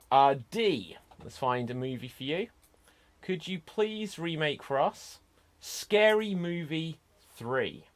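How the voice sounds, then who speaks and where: A man hosting an online improv game, setting up each round in a slow, deliberate way. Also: a little high. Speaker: improv show host.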